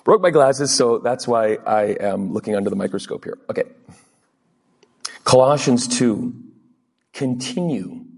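A man preaching a lively sermon as a pastor, acting out little quoted exchanges in different voices. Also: mid-range voice, measured pace, pauses often, slightly rough. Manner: animated, acts out quotes in funny voices. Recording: long hall reverb.

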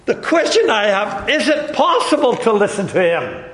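Male pastor, high and animated, delivering an emphatic sermon in a big echoey church hall. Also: moderate pace. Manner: emphatic, repeats rhetorical questions. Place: church sanctuary. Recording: echoey hall with long reverb.

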